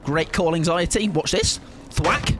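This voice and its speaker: A man streaming a game with casual, jokey commentary, often jumping into squealing high-pitched bursts. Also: expressive, measured pace, noisy background.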